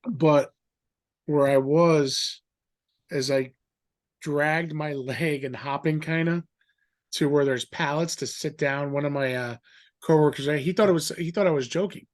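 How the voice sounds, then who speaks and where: A middle-aged man telling a story in a rambling, animated way, acting out the voices of others. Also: fairly high pitch, measured pace. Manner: animated, acts out quoted voices; rambling with fillers and restarts. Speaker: guest. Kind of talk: casual storytelling.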